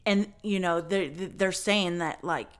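Woman podcaster, chatty and casual, kinda low voice, lots of likes and ums. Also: takes it slowly. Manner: chatty, many fillers, swears. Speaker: podcast host. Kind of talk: casual storytelling chat.

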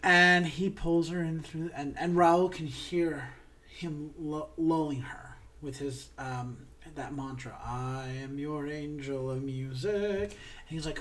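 Animated woman retelling a story. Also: deep voice, slow pace. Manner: animated, acts out characters' lines. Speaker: podcast co-host. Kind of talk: casual chat retelling a musical's plot.

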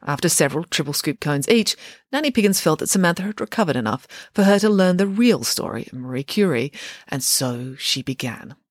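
A woman reading a children's storybook aloud with expressive, lively storytelling. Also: low voice, fairly quick, no echo, studio quality. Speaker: narrator.

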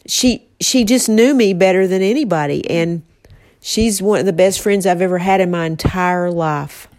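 A woman talking tenderly and reflectively about a late friend, choked up and halting at times. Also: fairly low pitch, a little mellow, no echo, studio quality. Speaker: host remembering a late friend with her mother. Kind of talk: casual heartfelt conversation.

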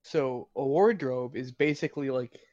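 A man's voice: mid-range voice, normal speed, a little mellow, dry recording, highs cut off. A young man co-hosting a casual podcast, rambling and searching for words. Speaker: podcast co-host.

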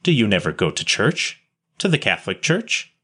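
A man's voice: lowish voice, big pitch swings, normal speed, pushed and bright, breathy edge, heavily acted. A man voicing a kindly nun who questions a street boy tenderly, reading a story aloud. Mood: tender, pleading. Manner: tender, pitying, coaxing. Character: kindly gentle nun, adult woman.

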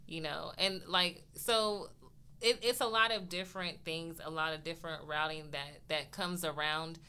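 Bright-voiced woman from California. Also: sits low, normal speed, clean tone. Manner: chatty, animated when quoting her own reactions. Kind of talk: casual chat.

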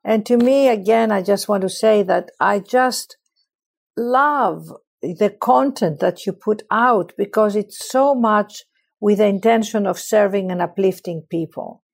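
A woman's voice: medium pitch, a little slow, creaky. A woman author speaking as a guest in an interview, emphatic and inspirational, often repeating phrases. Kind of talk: interview conversation.

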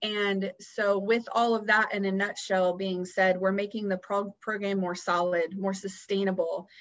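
A woman guest on a podcast, telling a personal story in an earnest, animated way. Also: medium pitch, moderate pace, dull audio. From Houston area, US. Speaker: guest, founder of a nonprofit.

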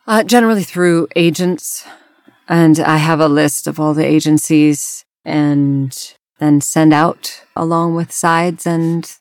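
Actress lady guest, kinda low voice, laughs easy, dry sound. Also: fairly even intonation, slow, darkish tone, no echo. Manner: enthusiastic, laughs easily. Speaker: actress and casting director. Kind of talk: casual interview chat.

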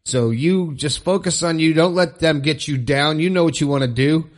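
A man's voice: a little high, moderate pace. A middle-aged man hosting a solo motivational podcast, upbeat and rambling, often repeating phrases for emphasis. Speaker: podcast host. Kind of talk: solo motivational talk show.

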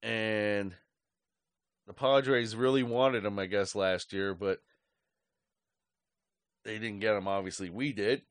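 A man's voice: lowish voice, fairly even intonation, slow, long pauses, no room sound. Angry profane man ranting, dry mic. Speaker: sports podcast host. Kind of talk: ranting fan commentary.

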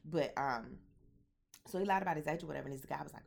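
A young woman vlogger with a blend of Southern and Midwestern American accent tells her viewers a personal story, candid and animated, swearing often and speaking right to them. Her voice is low, husky, and creaky, and she talks quickly.

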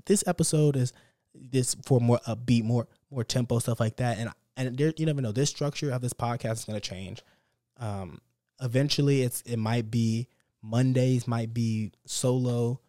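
A young man hosting his own podcast alone has a mid-range voice with a dark tone, captured on a close mic with no room sound. His casual monologue is unscripted and heartfelt, upbeat and motivational, with plenty of repetition.

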